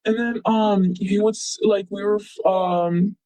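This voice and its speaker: A man's voice: high voice, steady tone, slow, mellow, no echo, rough recording. A young man being interviewed, telling a personal story in a rambling, casual way full of fillers. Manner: rambling, filler-heavy, quotes others with "blah, blah".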